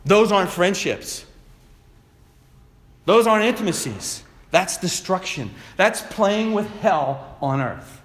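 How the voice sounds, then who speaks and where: A middle-aged man preaches with a strikingly high voice. He swings from loud, pressing shouts to low, quiet asides to drive his points home. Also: lively intonation, slow. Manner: preachy, builds to shouts then drops low. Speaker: pastor. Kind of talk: sermon.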